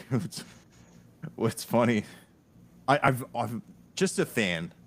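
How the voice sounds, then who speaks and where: A man's voice: medium pitch, slow. A man from the US Northeast hosting a podcast, telling stories in casual chat with laughs and many restarts. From Delaware, US Northeast. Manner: animated storyteller, laughs often, many restarts. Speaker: podcast host.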